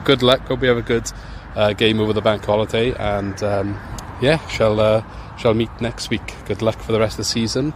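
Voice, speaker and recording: A man guests on a football podcast, speaking in a low, measured voice that pauses and restarts as he thinks. Clear outdoor noise and passing traffic sit under his voice, as if he recorded outside. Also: fairly even intonation. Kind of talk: casual football chat.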